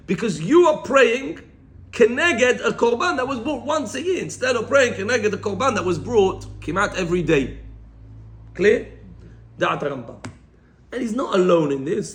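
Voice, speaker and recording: A man teaching a Torah class to students, explaining with lively emphasis and frequent checks that they follow. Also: high voice, vocal fry.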